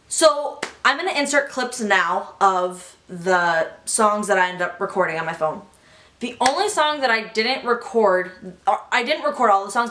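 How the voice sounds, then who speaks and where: A young woman telling a story in a casual vlog, gushing and excitable, full of "like". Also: on the high side. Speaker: vlogger. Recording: echoey room.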